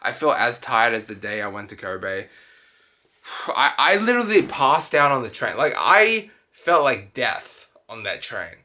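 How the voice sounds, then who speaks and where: A man's voice: medium pitch, sing-song, unhurried, pushed and bright. A young man, tipsy and tired, rambling through a casual late-night travel vlog and often breaking off and restarting. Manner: rambling, self-interrupting, loose speech. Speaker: travel vlogger.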